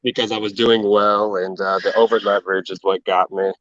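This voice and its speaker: A man calls in to a trading stream from his workplace and talks casually about his trades. His voice sits low. The audio is dull and muffled, like a call, and it has no echo. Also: little pitch movement, a little fast, a bit bright. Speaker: caller. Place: at work, audio only.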